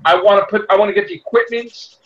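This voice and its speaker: A man hosting a casual group chat, excitable, breaking into loud shouts and laughter. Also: high-pitched, fast talker, dull audio. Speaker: podcast host.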